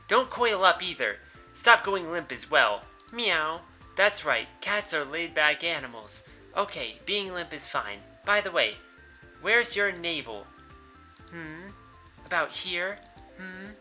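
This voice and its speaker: A man's voice: on the high side, sing-song, slow pace, bright, forceful tone, soft background music, exaggerated voice. A man reading a brusque teenage girl in a visual novel as she bosses her cats around in a curt, scolding way.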